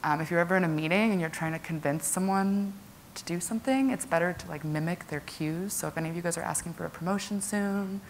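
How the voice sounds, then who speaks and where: A woman's voice: lowish voice, fast talker, a little hiss or hum. A young woman giving a casual conference presentation to a live audience, chatty and full of "like" and "um". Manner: chatty, lots of "like" and "um" fillers.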